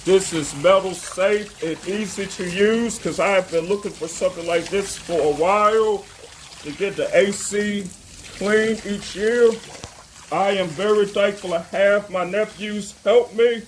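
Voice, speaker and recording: A homeowner shoots an informal how-to video on his phone, speaking in a high-pitched male voice over slight background noise. Earnest and devout, he keeps stammering, pausing and correcting himself.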